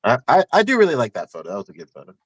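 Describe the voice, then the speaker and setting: Lively, teasing man in a podcast chat. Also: mid-range voice, dry recording. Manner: teasing, quick laughs. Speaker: podcast co-host. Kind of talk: casual chat.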